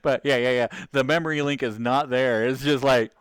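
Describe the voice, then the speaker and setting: Male streamer, relaxed rambling chatter with viewers, laughs a lot, smooth voice, dry close sound. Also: mid-range voice, normal speed, dry recording. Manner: rambling, laughs often, loses his train of thought. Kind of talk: casual livestream chat with viewers.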